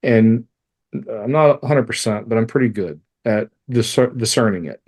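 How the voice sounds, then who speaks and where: A man's voice: medium pitch, normal speed, husky. A man in his forties tells a personal story as a podcast guest. He talks candidly, swears freely and pokes fun at himself. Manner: swears freely, animated and self-mocking. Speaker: podcast guest, life coach.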